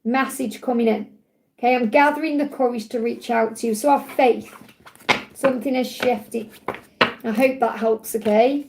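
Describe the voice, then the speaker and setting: A woman with a croaky voice giving a live tarot reading in a soothing, reassuring way. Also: on the high side, steady tone, normal speed, a little mellow, slight background noise. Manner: soothing, reassuring, repeats key phrases. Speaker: tarot reader.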